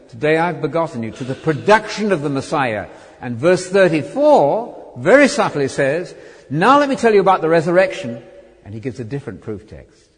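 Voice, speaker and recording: A man teaching a Bible study sermon, emphatic, with rhetorical questions and wide swings from loud to soft. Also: medium pitch. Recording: long hall reverb.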